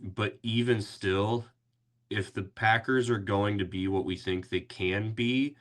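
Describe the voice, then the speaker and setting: A man's voice: fairly low pitch, steady tone, slow pace, fairly bright tone. A man hosting a casual sports podcast, talking in a rambling way with many fillers and restarts. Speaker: podcast host.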